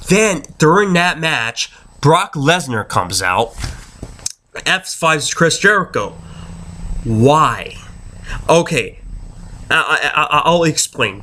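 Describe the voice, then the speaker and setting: Man ranting, pitch swinging wildly. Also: pushed and bright. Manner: angry, profane, exasperated ranting. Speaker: wrestling reviewer. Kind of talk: ranting video review.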